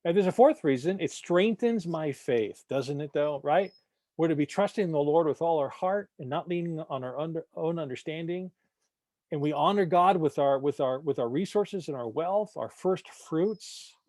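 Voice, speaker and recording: Man, adult church class teacher, slightly high voice, dry close sound, conversational, repeats himself, keeps checking in with listeners. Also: expressive, moderate pace, darkish tone, no room sound. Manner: conversational, repeats words, keeps asking "right?"; tells jokes, punchy emphasis.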